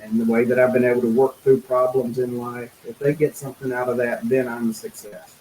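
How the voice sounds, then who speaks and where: A middle-aged man speaking as a guest in an interview, telling a personal story in an earnest, halting way, full of fillers and restarts. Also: medium pitch, little pitch movement, dark tone, echoey room, low-quality recording.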